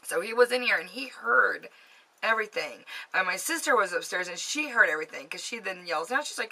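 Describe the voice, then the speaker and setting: A woman's voice: mid-range voice, lively intonation, a little fast, pushed and bright. A woman telling a ghost story to camera in a casual, rambling way, filled with fillers, recorded in her home basement. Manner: chatty, rambling, with many fillers. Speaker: vlogger telling ghost stories.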